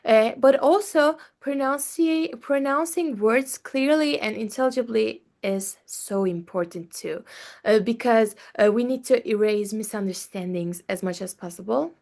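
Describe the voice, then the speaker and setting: Young woman doing a class presentation, high voice, careful and slow, lots of uhs. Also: gravelly, darkish tone. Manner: careful, with many fillers and pauses. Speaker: student presenter.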